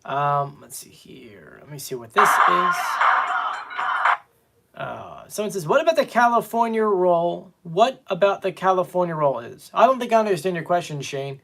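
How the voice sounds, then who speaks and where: A man hosts a fan live stream from home, talking loosely and reading viewer comments aloud. His pitch swings around a lot as he chats. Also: moderate pace, vocal fry. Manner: chatty, reads viewer comments aloud, animated. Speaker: fan show host. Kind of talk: casual live-stream chat.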